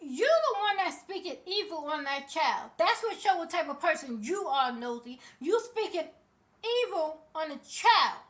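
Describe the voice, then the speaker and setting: Very high-voiced sassy woman ranting. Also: expressive, moderate pace, a bit bright. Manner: passionate, sassy, speaks straight to people. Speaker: vlogger. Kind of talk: ranting celebrity commentary.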